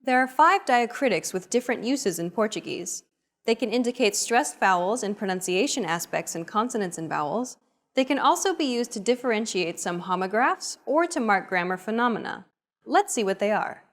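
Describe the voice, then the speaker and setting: A woman narrating a scripted grammar lesson, explaining the rules in a clear, measured way. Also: fairly high pitch, animated. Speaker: language teacher.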